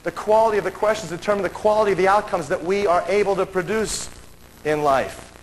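A man telling a story to an audience, acting out the dialogue with raised voices and dropping to a hush. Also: fast, a little hiss or hum, rough recording. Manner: acts out dialogue with raised pitch, drops to a hush. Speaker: speaker at a seminar. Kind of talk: animated storytelling talk.

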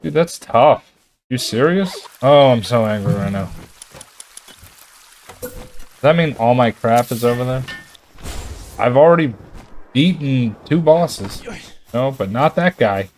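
A man's voice: mid-range voice, animated, takes it slowly, long pauses, darkish tone. A man giving live commentary while playing a video game, calling out to his creatures and yelping when enemies chase him. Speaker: gamer.

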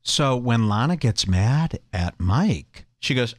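A man's voice: mid-range voice, moderate pace, hardly any pauses. A man hosting a podcast, riffing crudely and mockingly on clips he plays. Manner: crude, mocking, lively banter. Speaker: podcast host. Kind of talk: riffing commentary on played clips.

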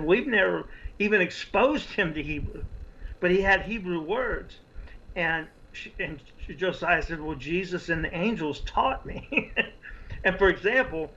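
A man, an author guest, telling his story in an earnest, animated conversational way. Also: a little high, muffled recording.

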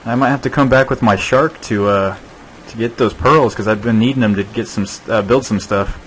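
A man hosting a gameplay video, chatting casually and relaxed with a fellow player. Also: medium pitch, fairly quick, slight background noise, poor audio. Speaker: host.

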